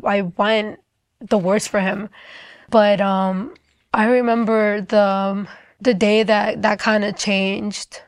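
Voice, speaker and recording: A woman's voice: medium pitch, no echo, clean studio sound. A young woman giving a personal faith testimony, talking earnestly with frequent fillers. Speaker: testimony speaker.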